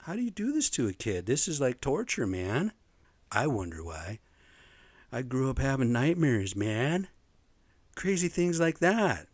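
A man's voice: fairly low pitch, dry recording. A man in his fifties telling personal stories casually, rambling and profane, often tacking "man" onto his sentences. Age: 50s. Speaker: storyteller.

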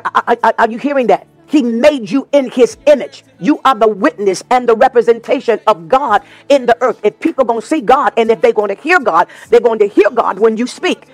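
High-voiced preaching man. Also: no echo. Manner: repeats phrases for emphasis, drifts into sung lines; tells personal stories in an informal preaching voice. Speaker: minister of the gospel. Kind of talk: preaching a sermon.

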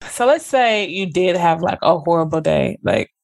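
A woman's voice: lowish voice, expressive, normal speed, gravelly, darkish tone. A woman in casual podcast chat, talking bluntly and playfully with lots of slang.

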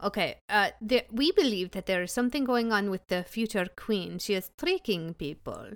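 A woman's voice: medium pitch, normal speed, no room sound. Persuasive woman playing a tabletop game. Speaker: player. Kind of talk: tabletop role-play.

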